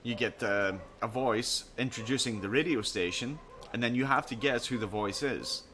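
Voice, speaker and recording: Bright-voiced man telling a story. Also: medium pitch, moderate pace, a little hiss or hum. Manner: animated storyteller, acts out quoted voices. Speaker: podcast co-host. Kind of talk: casual chat, storytelling.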